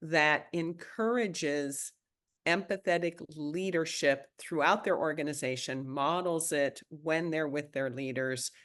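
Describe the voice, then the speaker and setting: Brisk moderator voice, quick mid-sentence pace in webinar Q&A. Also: mid-range voice, fairly bright tone.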